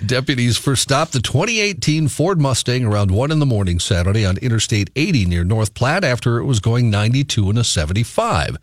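A man's voice: medium pitch, big pitch swings, fairly quick, hardly any pauses, dry recording. Dry-voiced man reading radio news.

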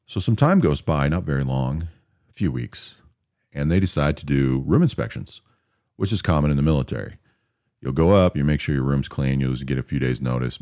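A man casually telling an army anecdote in a relaxed, matter-of-fact way, acting out the soldiers he quotes. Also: rumbling low, no echo, studio quality. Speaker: storyteller recounting army anecdotes. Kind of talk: casual spoken storytelling.

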